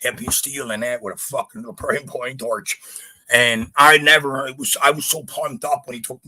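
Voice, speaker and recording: A man's voice: mid-range voice, moderate pace, poor audio. A man from Canada telling a gritty story in casual podcast chat, blunt and full of swearing. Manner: profane, blunt, animated retelling. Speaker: podcast guest.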